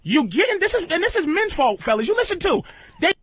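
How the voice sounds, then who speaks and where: A man hosting a radio show, loudly ranting and shouting down a guest in a heated on-air argument, full of swearing. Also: very high voice, big pitch swings, quick pace, dry recording. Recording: dull lo-fi played-back show clip.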